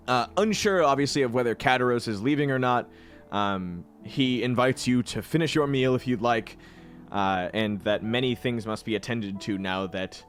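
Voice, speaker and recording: A man's voice: medium pitch, normal speed, soft background music. A man narrating as game master of a tabletop game, chuckling and restarting his sentences.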